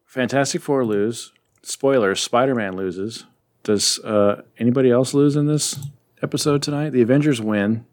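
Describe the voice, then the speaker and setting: A man's voice: mid-range voice, a little mellow. A man hosting a casual chat, retelling a story in a rambling, playful way and briefly voicing the characters. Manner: rambling, playful retelling with quick voiced asides. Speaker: podcast host recapping comics.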